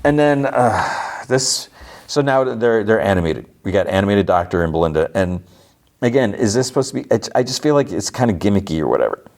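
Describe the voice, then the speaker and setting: A man's voice: on the low side, animated, brisk, darkish tone. A man hosting a podcast, casually recapping an episode with lots of fillers and restarts. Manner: rambling, many fillers and restarts. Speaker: podcast host.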